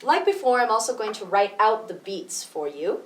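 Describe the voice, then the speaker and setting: A woman music teacher explaining rhythm slowly and patiently, counting beats out loud. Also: mid-range voice, big pitch swings, recorded from a distance. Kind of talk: rhythm tutorial with counting aloud. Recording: echoey room, voice from off mic.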